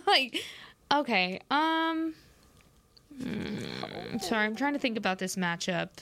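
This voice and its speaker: A woman's voice: fairly high pitch, wildly swooping pitch, takes it slowly, vocal fry, sharp tone. A woman co-hosting a sports podcast, playful and jokey, thinking aloud as she chats casually.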